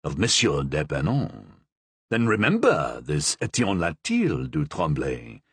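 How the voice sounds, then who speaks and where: A man voicing a shrewd, guarded older male cardinal in a storybook reading, speaking slowly and probingly. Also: a bass voice, huge pitch swings, breathy edge, no room sound, pitched below the performer's own voice, full character voice. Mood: measured.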